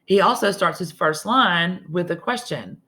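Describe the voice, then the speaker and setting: A woman's voice: on the low side, measured pace, bright, forceful tone. A woman teacher, giving a casual, chatty recorded lesson and often restarting her sentences.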